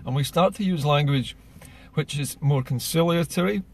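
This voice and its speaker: Gravelly man making his case. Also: a little high, normal speed, a little mellow, a little hiss or hum. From Scotland. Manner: earnest, persuasive, rhetorical questions. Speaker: political commentator. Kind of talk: political vlog monologue.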